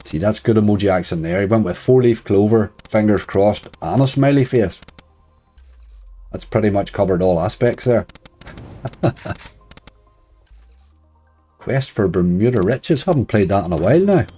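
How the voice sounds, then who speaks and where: A man's voice: on the low side, lively intonation, moderate pace, slightly rough, soft background music. A man chatting casually on a live stream, greeting viewers and joking wryly while he plays. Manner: wry, laughs softly at his own remarks.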